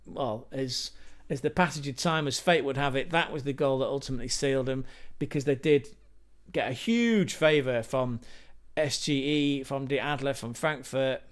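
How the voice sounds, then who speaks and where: Chatty Englishman with a smooth voice. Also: mid-range voice, normal speed. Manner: chatty, rambling asides to viewers. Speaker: football channel host. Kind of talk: casual football stats commentary.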